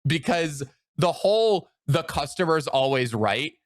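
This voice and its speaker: Lively, opinionated man ranting with emphasis. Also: fairly high pitch, unhurried, dry recording, clean studio sound. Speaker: podcast guest. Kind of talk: casual chat.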